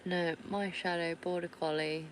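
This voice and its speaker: Casual van-life vlogger, woman, deep register, easygoing, laughs and swears freely. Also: little pitch movement, a little slow, slight background noise. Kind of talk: casual chat answering viewers. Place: inside a camper van.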